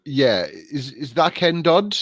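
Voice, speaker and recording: A man's voice: fairly high pitch, lively intonation, slow pace, dry recording, studio quality. A man hosting a podcast, chatting casually with his guest in short, easygoing remarks. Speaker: podcast host. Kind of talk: casual chat.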